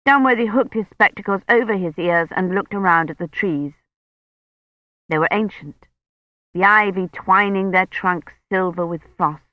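An audiobook narrator reading a novel in a measured, even scripted narration. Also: medium pitch, dry recording, highs cut off.

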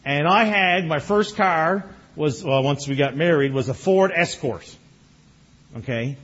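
Man, pastor, husky voice, slightly high pitch, folksy sermon storytelling, dull lo-fi recording. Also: a little slow. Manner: folksy storytelling, animated when recounting. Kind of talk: sermon with personal stories.

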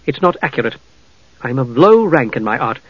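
A man voicing a young male mage who argues in a low, bitter voice, in a storybook reading. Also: very animated, normal speed, husky, no room sound, dull audio. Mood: bitter, wary. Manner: argumentative, often low and subdued.

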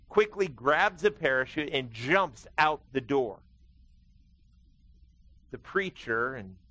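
A middle-aged man preaching a sermon as pastor, telling stories and acting out quotes with lively swings in his voice. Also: a little hiss or hum, poor audio. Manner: animated storytelling preacher, acting out quotes with big pitch swings.

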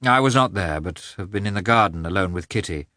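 A man's voice: low voice, expressive, a little fast, sharp tone, no room sound, clean studio sound. A man voicing an earnest, gloomy young landowner in a storybook reading.

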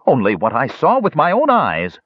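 A man's voice: medium pitch, huge pitch swings, normal speed, husky, no room sound, highs cut off, pitched above the performer's own voice. A man voicing an angry young male elf who insistently makes an accusation. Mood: indignant accusing. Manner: indignant, insistent, shouting.

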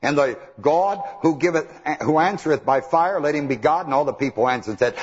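A man preaching a sermon, telling the story with animated mimicry and chuckles. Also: a little high, a little fast, few pauses, slightly rough. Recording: dull old hall recording.

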